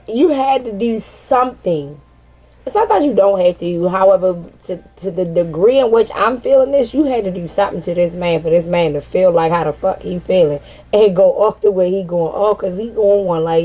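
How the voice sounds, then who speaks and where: A woman with a slightly mellow, mid-range voice gives viewers a casual tarot reading over poor audio. She's blunt and swears freely, fills her speech with "like," and keeps checking in with her audience, often asking, "you feel what I'm saying?"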